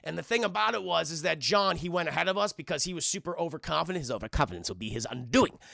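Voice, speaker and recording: Man voicing a rambling hacker sidekick: gravelly, high, chatty. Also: expressive, fast, bright, forceful tone, dry recording, clean studio sound, full character voice. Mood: explaining. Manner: rambling, explanatory.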